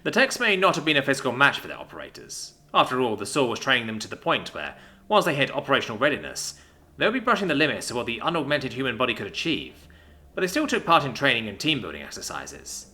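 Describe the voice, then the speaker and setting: A man narrating a story aloud, voicing every character himself and shifting pitch for their lines. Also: wildly swooping pitch, fast. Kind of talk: scripted narration. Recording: soft music behind.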